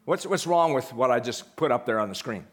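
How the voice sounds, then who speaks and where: A man's voice: medium pitch, animated, brisk. A male pastor preaching a sermon in a conversational way, putting questions to the congregation.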